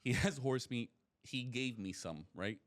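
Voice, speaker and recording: A young man co-hosting a podcast, telling stories in a relaxed, slangy way and laughing often. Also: mid-range voice, a little slow. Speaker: podcast co-host. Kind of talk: casual chat, storytelling.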